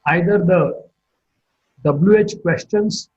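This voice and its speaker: A middle-aged man giving a recorded phonetics lecture, speaking in a slow, deliberate teaching manner and carefully modeling example sentences. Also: high voice, darkish tone, husky, dull audio. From India.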